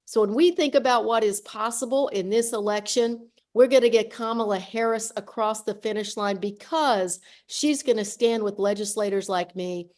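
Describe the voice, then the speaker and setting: A woman's voice: medium pitch, darkish tone. An older woman who is a legislator gives an earnest, plainspoken rally speech over a video call.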